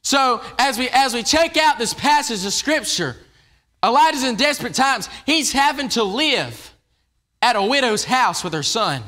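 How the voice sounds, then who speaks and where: High, bright-voiced preacher man. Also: animated, measured pace. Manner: conversational, repeats and restarts phrases. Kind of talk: casual evening sermon. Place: church.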